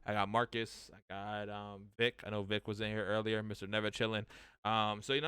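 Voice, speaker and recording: A man's voice: on the low side, fast talker, fairly bright tone, clean tone, no echo, clean studio sound. A man hosting a casual podcast chat, swearing freely and laughing often, a little buzzed and complaining of a sore throat. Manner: loose and profane, laughs often. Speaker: podcast host.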